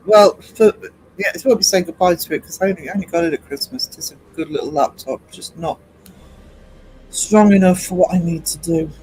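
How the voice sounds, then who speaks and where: Male streamer, higher register, loose chatty delivery with frequent ums. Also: fairly quick, a little mellow, slightly rough, rough recording. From United Kingdom. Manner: rambling, chatty, greets chat by name, many ums. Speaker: livestream host. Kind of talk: casual live-stream chat with viewers.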